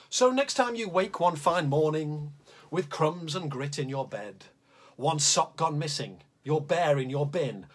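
A man hosting a children's drawing show, reading a comic poem aloud in a playful voice, then chatting as he sets up to draw. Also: husky. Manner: lively and playful, swooping pitch.

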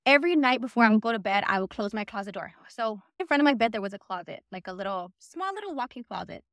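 Brief: woman, casual true-ghost-story teller, higher voice, conversational and quick to act out quotes. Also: lively intonation, a bit bright, no echo, studio quality. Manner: chatty, lots of "I'm like" quoting.

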